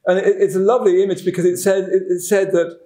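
A middle-aged man, a Buddhist teacher telling a story in a dharma talk, halting and repeating words, chuckling at his own stories. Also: high-pitched, level tone, mellow. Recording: roomy echoing room.

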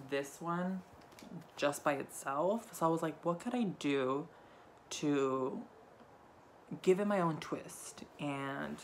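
A man's voice: on the high side, slight background noise. A young man hosting a casual shopping haul vlog while tipsy, talking in a campy, profane and rambling way. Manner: rambling, offhand delivery. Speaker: haul vlogger.

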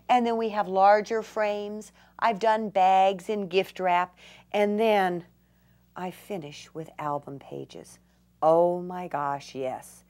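An older woman demonstrating a craft technique, gushing with enthusiasm and dropping to delighted whispers. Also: medium pitch. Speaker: craft instructor.

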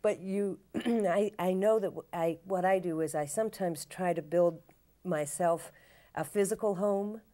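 A woman speaks as an interview guest, her voice sitting low in pitch. She talks thoughtfully and haltingly, restarting phrases as she gathers her ideas. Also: dark tone. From Tennessee. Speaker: stage actress, guest. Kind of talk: interview conversation.

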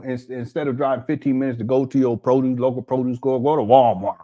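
A man's voice: mid-range voice, fairly even intonation, fast talker, muffled recording. A man hosting a casual reaction commentary, talking while eating, with joking, mocking asides. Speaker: commentary channel host.

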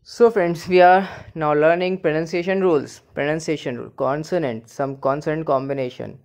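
A woman teaching a beginners' language lesson, saying each sound slowly and repeating it, in casual English with many fillers. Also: low voice, steady tone, a little mellow.

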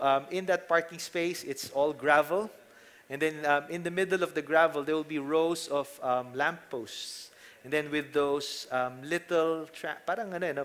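A man's voice: fairly high pitch, a bit bright. A man with a Filipino accent preaching a sermon, telling stories casually and asking the congregation rhetorical questions. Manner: conversational storytelling, mixing in Tagalog phrases. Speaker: pastor.

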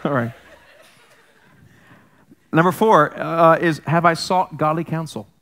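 A man's voice: fairly high pitch, slow pace, a bit bright. Joking, conversational male pastor. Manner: conversational, jokey, self-interrupting. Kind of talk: sermon.

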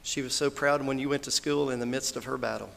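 Folksy preacher with a gravelly voice. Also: male voice, mid-range voice, steady tone, quick pace, fairly bright tone. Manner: earnest, folksy, quotes scripture and others with rising emotion. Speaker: minister giving a funeral eulogy. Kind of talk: sermon. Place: church hall. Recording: hall reverb, faint background noise.

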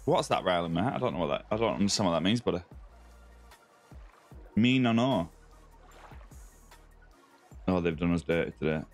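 A man's voice: sits low, animated, racing, few pauses, faint music behind. An Australian man live-streaming a game, chatting casually and greeting viewers by name, calling them mate and buddy. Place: home streaming setup with a ring light.

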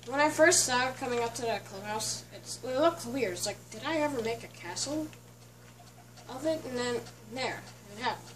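A woman giving casual, chatty commentary while touring her game world, often stopping to clear her throat. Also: on the high side, expressive, normal speed, slight background noise. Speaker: let's play host. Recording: distant mic with faint background music.

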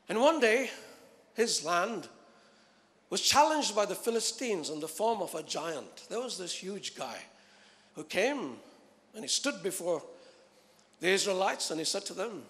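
A man preaching a sermon, emphatic and repetitive, swinging from loud, driving lines to hushed, slow ones. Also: sits high, sing-song, long reverb tail.

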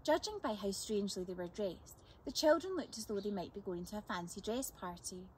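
Expressive woman reading a children's book. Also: mid-range voice, a little fast, a little hiss or hum. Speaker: storyteller. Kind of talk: children's book read-aloud.

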